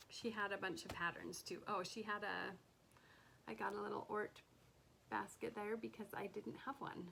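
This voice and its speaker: Casual vlogger woman, soft and gushing, slips into whispers, slightly gravelly tone. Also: medium pitch, noisy background. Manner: gushing, soft-spoken, often drops to a whisper. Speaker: cross stitch vlogger. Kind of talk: casual haul chat.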